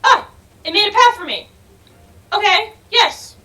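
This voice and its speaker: A young woman giving let's-play commentary on a game, excitable, swearing freely and yelling and laughing as she plays. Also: extremely high pitch, measured pace. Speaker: gaming video creator.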